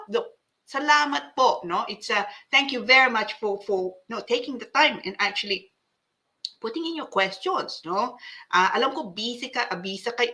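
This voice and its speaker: Woman host, breezy English with asides, forceful bright tone, rambling fillers. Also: on the high side. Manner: chatty, mixes English with Tagalog, frequent fillers and restarts. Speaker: host reading viewer comments. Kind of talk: casual live-show chat.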